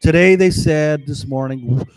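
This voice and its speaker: Brief: a man ranting to camera, profane and repetitive, slightly high voice, dead-dry sound. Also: lively intonation, moderate pace, darkish tone, no room sound, low-quality recording. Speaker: vlogger. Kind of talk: rambling monologue to camera.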